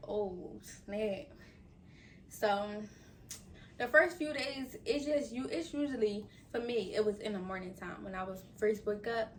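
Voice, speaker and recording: A vlogger in her twenties chats casually to camera, telling her viewers a story and acting out her own thoughts while she recovers from surgery and can't bend down. Her mid-range voice is picked up by a distant mic in a low-quality recording with a little hiss or hum.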